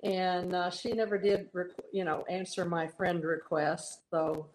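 A woman from Texas, a guest songwriter, telling a story in a soft-spoken, halting way during an interview. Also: lowish voice, level tone, a little hiss or hum, rough recording.

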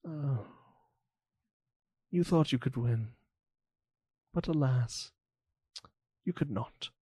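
A man doing a hushed, pitying robed stranger. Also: mid-range voice, drawn-out words, slightly rough, no echo, studio quality. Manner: hushed, near-whispered, pitying. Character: mysterious robed man in chains, pitying, soft-spoken.

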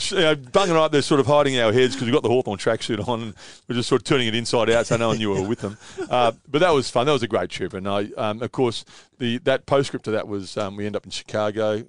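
A middle-aged Australian man tells a long, rambling story full of ums and self-corrections. His voice sits at an ordinary pitch and sounds dry and close to the mic. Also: no echo. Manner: rambling anecdotes with many fillers. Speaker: interview guest, former footballer. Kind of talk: storytelling in casual chat.

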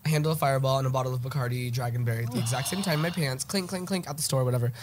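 A man's voice: medium pitch, racing, noisy background. Young male co-host, stuffy nose, casual storyteller, swears freely. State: congested. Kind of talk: casual chat.

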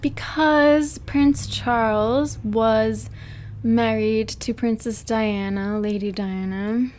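A woman's voice: fairly high pitch, fairly even intonation, darkish tone, slight background noise. A woman co-hosting a podcast in casual, giggly chat, laughing often between thoughts. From United States. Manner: giggly, chatty, drawn-out delivery. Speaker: podcast co-host.

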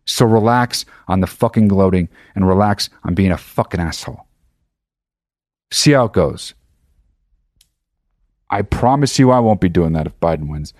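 A man's voice: low voice, lively intonation, moderate pace, pauses often, darkish tone, no room sound, studio quality. A man hosting his own podcast, talking in a casual, profane and emphatic monologue. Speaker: podcast host.

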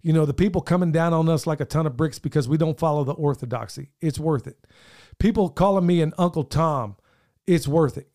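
A middle-aged man co-hosts a podcast in earnest, rambling through a casual chat as his voice wears thin. He speaks fairly quickly in a slightly high voice with a dark tone.

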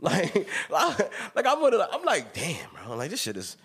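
A man in his thirties hosting a podcast, telling stories in an emphatic, animated way with plenty of laughter. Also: high voice, unhurried, gravelly, slightly rough. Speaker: podcast host. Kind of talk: casual chat.

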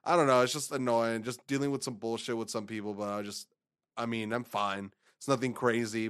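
A young man in his twenties, talking with a laid-back, meandering drawl and swearing freely. His pitch sits in an ordinary middle range, and he talks like he is hanging out with a friend. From Texas. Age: 20s. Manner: profane, laid-back, rambling. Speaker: podcast co-host. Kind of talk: casual chat.

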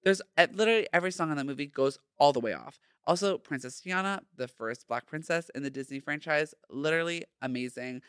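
A man's voice: a little high, fairly quick, hardly any pauses, fairly bright tone, clear, resonant tone, no echo, studio quality. A young man hosting a casual solo podcast, sassy and playful, full of slang. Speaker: podcast host.

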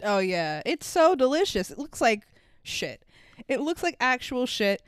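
Clear and resonant, this young adult woman's voice sits on the high side and moves unhurriedly, recorded at studio quality with no room sound. Co-hosting a podcast, she's animated and sarcastic in a casual movie review chat, swearing freely and acting out lines from the film.

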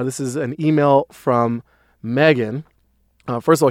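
Man, podcast host, mid-pitched voice, dry close mic, reads listener email. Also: no room sound. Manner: joking, quick asides, measured when reading. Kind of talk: casual chat and reading listener email.

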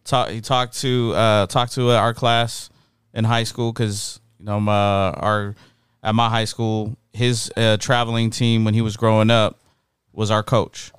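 Podcast co-host, male, low and smooth, reflective, dry close sound. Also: level tone, measured pace, no echo. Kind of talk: casual chat.

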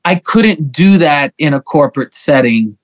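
A middle-aged man telling stories as a guest on an interview show, animated and profane. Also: fairly high pitch, a little slow. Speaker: guest musician. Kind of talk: casual interview chat.

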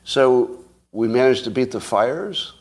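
A Californian host speaks slowly at medium pitch, animated yet darkish in tone. He chats informally with listeners, joking and meandering between subjects.

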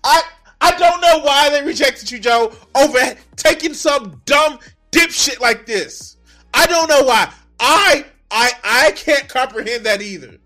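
A man reacting to a video clip, swearing a lot and breaking into incredulous shouts. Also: very high-pitched, a little slow, soft background music. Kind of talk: profane reaction commentary.

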